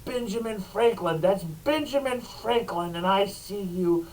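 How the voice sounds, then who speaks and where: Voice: medium pitch, unhurried, far from the mic, natural voice, rough recording. A storyteller voicing a suspicious old governor who calls out a man he has caught and insists he is after him. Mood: accusing. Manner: accusing, insistent.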